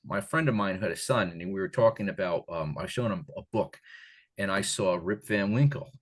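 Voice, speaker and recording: An older man from the Catskills talking as an author guest in a casual interview, rambling and animated, with many restarts. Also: low-pitched, a little fast. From Catskills, New York.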